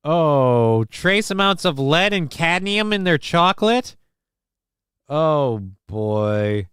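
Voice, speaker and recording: A man's voice: a little high, big pitch swings, slow, fairly bright tone, smooth, no echo, studio quality. A man hosting a casual livestream, rambling, swearing freely and poking fun at himself while reading chat. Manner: rambling, profane, self-mocking. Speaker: livestream host.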